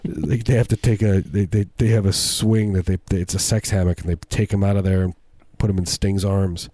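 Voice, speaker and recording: A man's voice: low voice, fairly even intonation, brisk, mellow, no echo. A man co-hosting a remote comedy podcast, spinning absurd rambling stories with many restarts. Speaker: podcast co-host. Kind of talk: improvised comedy chat. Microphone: remote recording setup.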